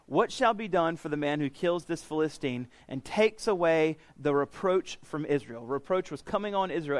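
A man's voice: a little high, dry recording. Conversational male preacher, dry sound. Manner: conversational, paraphrasing scripture in casual voices; frequent restarts and repeated words. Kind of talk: sermon, Bible teaching.

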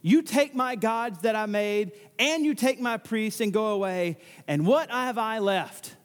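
A man's voice: sits high, unhurried, voice pushed up. A man voicing a bitter, robbed man who pleads over his lost idols, in a long echoing hall. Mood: lamenting.

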